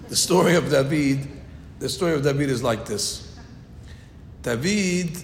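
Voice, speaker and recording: A rabbi teaching a Torah class retells a story animatedly, acting out the quotes in different voices. The recording comes from an echoey hall with a faint rumble.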